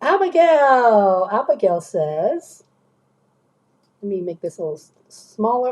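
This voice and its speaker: A woman career coach talks through viewer questions on a live stream. Her voice is mellow and a little husky, and she keeps pausing to ask "okay?" and "right?" in a chatty, direct way. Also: mid-range voice, very animated, low-quality recording.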